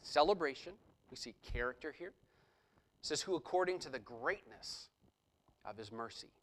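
A man's voice: mid-range voice, lively intonation, normal speed, a bit bright, rough recording. A man preaching a sermon, explaining a scripture passage verse by verse and reading passages aloud with rising intensity. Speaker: pastor.

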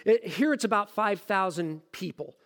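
A man preaching a sermon as a pastor, explaining scripture in a lively, casual, joking way. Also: high voice, moderate pace, big-room sound.

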